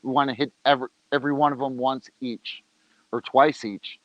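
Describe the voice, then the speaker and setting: A man's voice: mid-range voice, steady tone, fairly quick, no room sound, lo-fi sound. A man hosting a casual livestream outdoors, joking and talking while he eats. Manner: loose, joking, talks while eating. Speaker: organization leader on a livestream. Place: outdoors, rain coming.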